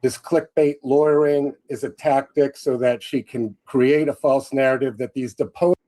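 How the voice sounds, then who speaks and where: A man attorney reading a prepared statement to a judge at a hearing, formal and measured. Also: medium pitch, fairly even intonation, mellow, rough recording.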